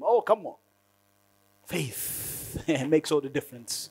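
Male preacher, high voice, sermon style, animated, laughs often, acts out prayers. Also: slow pace, pauses often, slightly rough.

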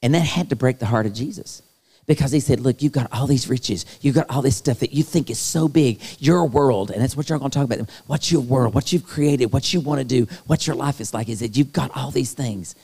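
A man preaches to a youth crowd. He is animated and acts out the voices he quotes. His mid-pitched voice rings with the long reverb of a large hall. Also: a little fast, creaky, husky. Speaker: youth pastor. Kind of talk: sermon.

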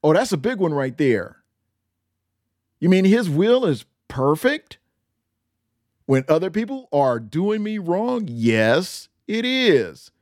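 Male podcast host teaching scripture, slow deliberate preaching, higher-pitched voice, dry close sound. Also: sing-song, darkish tone, dry recording. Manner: emphatic, repeats phrases for effect. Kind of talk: preaching-style Bible teaching.

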